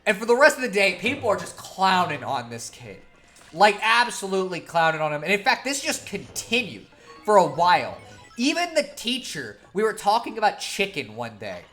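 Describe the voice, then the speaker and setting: A woman's voice: mid-range voice, sing-song, normal speed, a bit bright, faint music behind. A woman streamer telling a long story in a casual, profane, laughing way.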